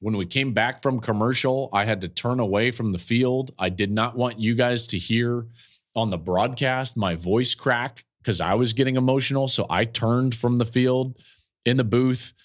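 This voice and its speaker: A man in the middle of his pitch range talks through game footage on his podcast, building scenes with emphatic little bursts and quick restarts. His voice comes through a studio podcast mic, loose and conversational, like he's walking a friend through the tape. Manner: animated storytelling with restarts and emphatic words. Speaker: podcast host and football analyst. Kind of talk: casual analysis.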